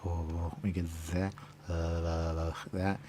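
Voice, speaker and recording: A man's voice: low voice, flat delivery, extremely slow, dark tone, slight background noise. A man in a rambling, repetitive monologue, muttering questions and then answering them himself. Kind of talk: rambling stream-of-consciousness monologue.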